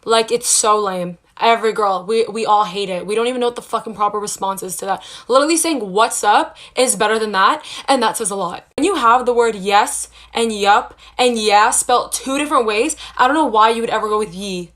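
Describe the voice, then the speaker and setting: A young woman rants to camera, sassy and blunt, with a fairly high voice. She keeps it casual and cutting. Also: a little fast, hardly any pauses, a bit bright. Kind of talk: casual opinion rant to camera.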